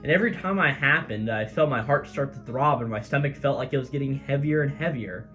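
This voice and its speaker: A man voicing a heartbroken teenage idol girl in a soft, subdued tone. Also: mid-range voice, brisk, muffled recording, faint music behind, close to an everyday voice. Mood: tearful. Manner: soft, subdued reading of quoted lines.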